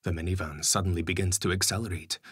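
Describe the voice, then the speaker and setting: Deep husky male audiobook narrator. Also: steady tone, fast talker, fairly bright tone, dry recording, clean studio sound. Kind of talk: scripted narration.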